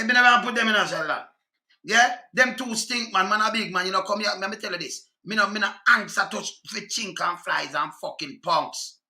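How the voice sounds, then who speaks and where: A man's voice: sits high, pushed and bright, echoey room. A man with a Jamaican accent in an angry, profane rant reacting to clips. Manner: heated, profane, scolding.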